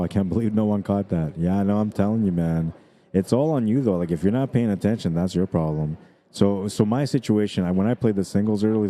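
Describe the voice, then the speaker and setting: Low, dark-voiced man with a dry throat. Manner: rambling, chatty, many fillers. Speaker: pool stream commentator. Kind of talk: casual live commentary.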